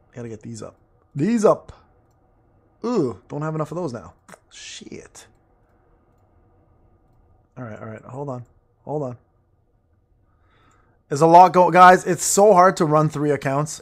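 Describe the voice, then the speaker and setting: A man streaming a game and chatting casually with his viewers, joking crudely and rambling between plays. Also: a little high. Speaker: gaming streamer reading chat. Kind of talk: casual livestream chatter while playing.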